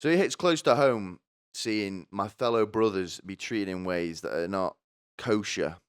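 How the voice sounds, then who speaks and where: A man's voice: fairly low pitch, unhurried, smooth, no echo, clean studio sound. A young man giving sarcastic, rambling comedy commentary, swearing often.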